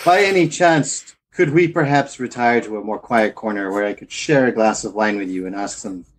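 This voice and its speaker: A man voicing a rakish nobleman with a walrus mustache, low-pitched and smooth, laying on the courtly flattery. It is a tabletop role-play character, and he performs it close to his own voice. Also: moderate pace, slight background noise, natural voice, low-quality recording. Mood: flirtatious.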